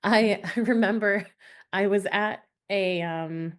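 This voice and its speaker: A woman's voice: mid-range voice, slow. A woman hosting a podcast, chatting casually, often laughing and acting out quoted lines in her stories. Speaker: podcast host. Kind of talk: casual interview chat.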